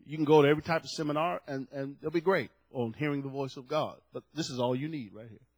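A man preaching a sermon to his church, swinging from hushed, slow phrases to loud, fervent passages. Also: on the high side, dry recording. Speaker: pastor.

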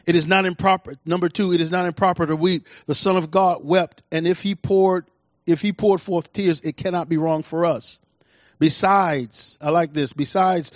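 A middle-aged man preaching a sermon, emphatic, repeating key lines and swinging between soft and loud delivery. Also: high voice, steady tone, normal speed, no room sound. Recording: dull dry recording.

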